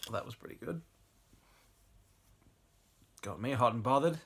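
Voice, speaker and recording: A man's voice: medium pitch, lively intonation, measured pace, vocal fry, breathy edge. A young man reads bad fan fiction aloud for laughs, often breaking into laughter and chatting casually between passages. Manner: laughs through the reading, casual asides. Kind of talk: comic dramatic reading with asides.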